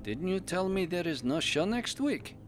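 Faint music plays behind this man's high, very animated voice as he keeps a moderate pace. He is voicing a cheerful male pandaren adventurer and doting husband for an in-character fan podcast story. The character speaks broken English, leaving out articles and verb endings.

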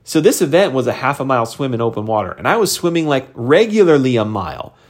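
A middle-aged man giving a motivational talk to his sales team, conversational and animated, leaping up in pitch for emphasis. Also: fast talker. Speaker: sales team leader and coach.

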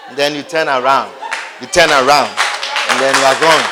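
A man's voice: mid-range voice, fairly even intonation, moderate pace, over a noisy crowd, very noisy. A male preacher giving a sermon who acts out everyday scenes and repeats key phrases for emphasis. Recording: long hall reverb.

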